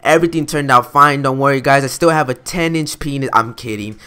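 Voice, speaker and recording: A man's voice: medium pitch, brisk, pushed and bright, clear, resonant tone. A young man in a casual storytime vlog, talking slangy and loose, calling his viewers guys and dude. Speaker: vlogger.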